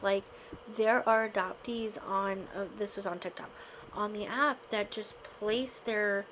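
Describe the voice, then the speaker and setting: A woman's voice: medium pitch, slight background noise, rough recording. A woman reading a memoir chapter aloud, then talking it over in a conversational way and often checking in with "right?". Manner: conversational, tags remarks with "right?". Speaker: host.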